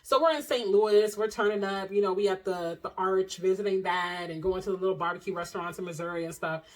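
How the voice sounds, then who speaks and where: A young adult woman shares a personal story with viewers in a casual vlog, speaking a little fast in a medium-pitched voice. She's animated and expressive, full of slang and asides to the audience, and the recording is rough.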